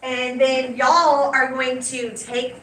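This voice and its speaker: A woman teacher, leading a class in a brisk, direct way and often checking in with "okay?". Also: high voice, flat delivery, a bit bright. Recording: roomy and noisy classroom, picked up from a distance.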